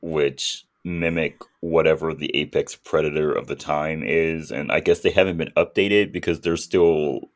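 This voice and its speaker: A man's voice: a bass voice, fairly even intonation, a little slow, hardly any pauses. A man co-hosting a podcast, casually recapping a movie's plot and acting out its characters' lines. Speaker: podcast co-host.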